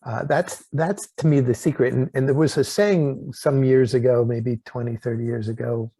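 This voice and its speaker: A man hosting a relaxed interview over a video call, his voice gravelly and husky with a dark, mellow tone. He talks haltingly, stopping to restart his sentences. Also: mid-range voice, rough recording. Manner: halting, with many restarts and fillers. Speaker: host. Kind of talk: casual interview chat.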